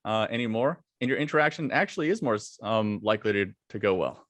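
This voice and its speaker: Low-voiced man telling his story, dry sound. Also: expressive, fast talker, a bit bright, no room sound. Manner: reflective storytelling with many "like" fillers. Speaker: podcast guest, former longboard racer. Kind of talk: casual interview talk.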